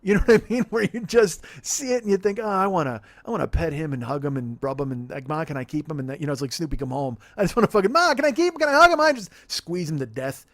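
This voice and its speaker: Talking fast with hardly any pauses, a man in his forties rants on his podcast in a rambling, profane, self-mocking comedic style. His pitch is a little high, captured dry and close-miked in a studio with no room sound.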